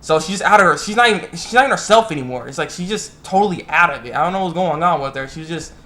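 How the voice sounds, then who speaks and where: A young man casually recapping an anime episode, animated and jumping into quick voices for the characters' lines. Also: a little high. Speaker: anime reviewer.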